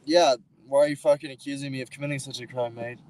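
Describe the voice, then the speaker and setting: A man's voice: medium pitch, fairly even intonation, quick pace, a little mellow, poor audio. A man hosting a livestream, rambling and arguing with his chat in a loose, profane way, full of fillers and restarts. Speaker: livestream host. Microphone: streaming mic.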